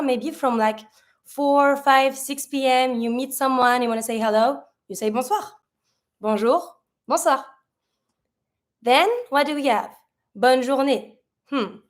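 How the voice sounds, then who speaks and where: A woman, a native French speaker, teaching French greetings in a chatty way, asking herself questions and answering them. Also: a little high. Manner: sprinkles fillers like "like".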